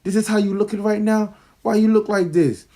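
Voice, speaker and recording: A man's voice: high-pitched, fairly even intonation, a little fast, mellow, voice pushed up. A man voicing a stern, loving queen mother, slangy and raised. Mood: scolding, encouraging. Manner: slangy scolding paraphrase.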